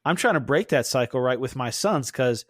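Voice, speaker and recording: Relaxed, reflective male podcast host. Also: mid-range voice, normal speed, dry recording, studio quality. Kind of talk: casual conversation.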